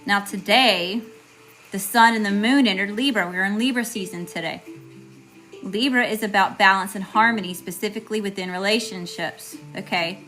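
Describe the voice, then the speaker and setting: Bright-voiced chatty woman tarot reader. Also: medium pitch, normal speed, faint music behind. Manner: chatty, greets viewers, keeps asking "okay?". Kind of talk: live tarot reading stream.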